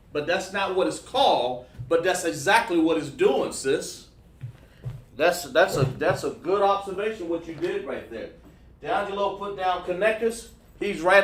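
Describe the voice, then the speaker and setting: A man's voice: high-pitched, a bit bright. A man teaching a livestreamed class, patiently checking in and praising his students. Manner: patient, checks in with repeated "okay, all right", praises students. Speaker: class instructor. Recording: echoey room, voice far from mic.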